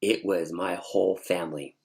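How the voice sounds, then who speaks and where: A man vlogger telling a story in a casual, animated way, with frequent restarts and asides. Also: low voice, moderate pace, creaky. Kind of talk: casual storytelling recounting a dream.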